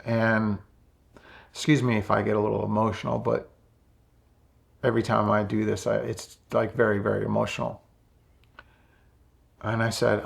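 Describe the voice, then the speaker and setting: A man in his fifties, talking slowly and softly with many pauses in a reflective personal monologue about his spiritual path. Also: lowish voice, level tone, gravelly. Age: 50s. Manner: slow, soft-spoken and introspective, with many pauses. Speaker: spiritual vlogger.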